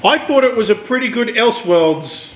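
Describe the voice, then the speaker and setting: A man's voice: extremely high pitch, animated, moderate pace. Easygoing Australian man in an echoey room. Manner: easygoing, chiming in with short agreements. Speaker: podcast co-host. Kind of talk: casual chat.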